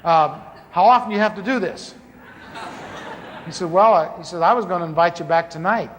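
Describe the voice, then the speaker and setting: A man telling a comic story from the pulpit, acting out the dialogue in a lively way. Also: high-pitched, brisk, background noise. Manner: animated, comic, acts out dialogue. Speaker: preacher telling his conversion story. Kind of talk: storytelling sermon. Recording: large hall reverb, faint ambience.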